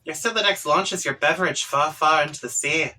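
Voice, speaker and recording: Bright-voiced man reading a comic. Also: on the high side, a little fast, poor audio. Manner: casual, wry, reads with asides. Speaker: webcomic reader.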